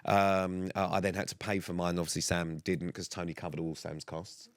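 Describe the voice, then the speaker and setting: A man's voice: low voice, flat delivery, normal speed, dry recording. A man, co-hosting a podcast and telling stories in a dry, sweary way. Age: 30s. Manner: sweary, dry anecdotal delivery. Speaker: podcast co-host. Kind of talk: casual storytelling chat.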